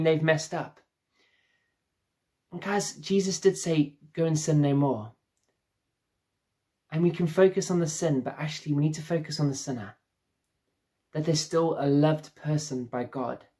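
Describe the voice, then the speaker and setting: A man preaching a sermon as pastor, earnest and repeating phrases for emphasis. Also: on the high side.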